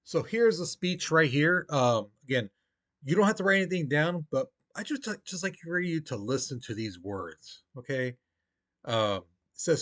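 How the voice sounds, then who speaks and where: A man's voice: fairly high pitch, lively intonation, moderate pace, a bit bright. A man teaching a recorded history lesson in a casual, chatty way, with many fillers and small acted-out scenes.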